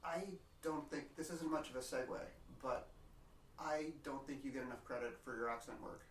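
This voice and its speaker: A woman's voice: very deep voice, moderate pace, a little hiss or hum. A woman interviewing a guest in casual chat, encouraging her with short replies. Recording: roomy and distant from the mic.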